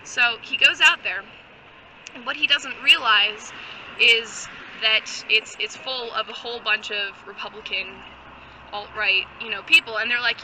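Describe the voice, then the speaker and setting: A woman improvising a comic story in a rambling, deadpan way, with many restarts and side remarks. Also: on the high side, a little slow, background noise.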